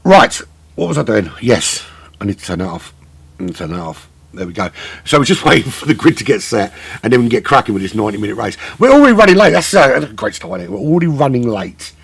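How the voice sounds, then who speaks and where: A man's voice: mid-range voice, very animated, fast talker, creaky, slightly rough. A middle-aged man doing live sim racing commentary, rambling and joking at his own expense to fill the time. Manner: rambling, self-mocking waffle. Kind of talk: live race broadcast commentary, filling time.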